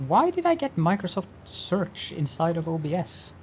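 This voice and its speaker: A man's voice: high-pitched, sing-song, normal speed, slight background noise. A man streaming a factory-building game, chatting with viewers and talking himself through each step in a mock-formal, playful way. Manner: greets chat with mock-formal politeness. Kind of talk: live-stream gameplay commentary.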